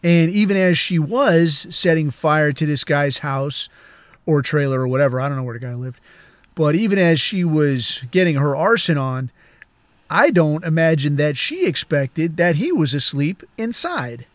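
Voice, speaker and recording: A male podcast host spins a long, crude yarn with lots of swearing, tangents and chuckles. His voice sits a bit on the higher side for a man. It is recorded dry and close on a podcast mic. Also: lively intonation, moderate pace, no echo. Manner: profane, rambling, chuckling. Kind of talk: crude casual storytelling.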